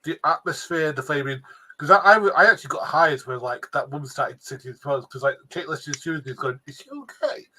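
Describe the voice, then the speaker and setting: A man co-hosting a casual review podcast, excitedly retelling scenes in a rush of words. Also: on the high side, fairly quick, poor audio. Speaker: podcast co-host.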